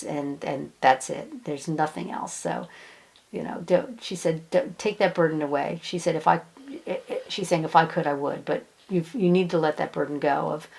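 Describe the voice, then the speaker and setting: A woman hypnosis practitioner gently passing on messages in a soft way, often repeating her words. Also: low-pitched, gravelly, low-quality recording. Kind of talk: gentle relaying of channeled messages.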